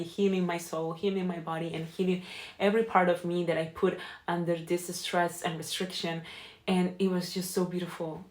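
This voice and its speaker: A young woman sharing a heartfelt, emotional faith testimony in a vlog, earnest and often close to tears. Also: lowish voice. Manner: earnest with frequent "you know?". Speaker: faith vlogger and life coach. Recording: echoey room.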